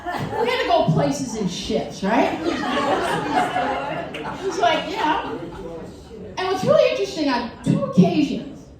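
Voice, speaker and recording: A woman's voice: very high-pitched, slow pace, pauses often, over a noisy crowd. A middle-aged woman from Wisconsin doing a stand-up comedy set, telling stories with mocking voices, in a venue with a live audience. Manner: animated storytelling with mocking voices. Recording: roomy, distant mic, audience laughter.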